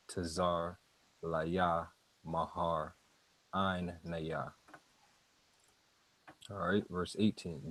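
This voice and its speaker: A man teaching scripture in a casual, halting way, going slowly word by word and often repeating himself. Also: low-pitched, a bit bright, low-quality recording. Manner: slow, halting, repeats words and fillers. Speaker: street preacher teaching scripture.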